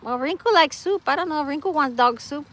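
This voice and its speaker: With a high, somewhat bright voice and a brisk delivery, a woman chats casually with live-stream viewers outside among wind and trees, laughing a lot and reading out comments. The recording is rough, with a little hiss or hum.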